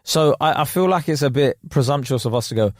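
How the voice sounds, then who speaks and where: A man's voice: mid-range voice, animated, fairly quick, no echo, studio quality. A man co-hosting a podcast, rambling and self-correcting as he explains facts, often chuckling. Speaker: podcast co-host.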